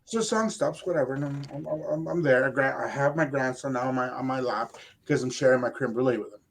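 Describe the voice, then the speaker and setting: An older man and grandfather, a radio co-host, telling a rambling, animated story in casual chat. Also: medium pitch, quick pace, gravelly, slight background noise. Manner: animated, rambling anecdote with quoted asides.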